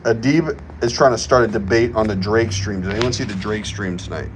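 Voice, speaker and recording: A young man chats through his livestream in a low voice, greeting viewers and joking around. Faint background noise sits under the talk. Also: brisk. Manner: playful, reads chat aloud, hypes himself up. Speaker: livestream host. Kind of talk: casual livestream chat. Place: current location he names while streaming.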